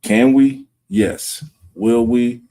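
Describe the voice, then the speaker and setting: A man hosting a late-night sports livestream at home, talking low and greeting chat viewers by name. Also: fairly even intonation, extremely slow, mellow, slight background noise. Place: home room at night with wife resting nearby.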